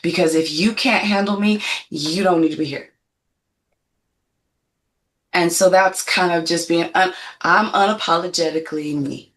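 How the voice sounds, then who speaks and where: Emphatic woman in her fifties, low voice. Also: unhurried, pauses often. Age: 50s. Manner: emphatic, self-assured storytelling. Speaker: guest. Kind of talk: casual panel chat.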